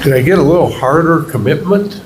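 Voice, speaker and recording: A man from Michigan in the audience asking a question at a town-hall event, halting with many fillers. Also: a little high, background noise.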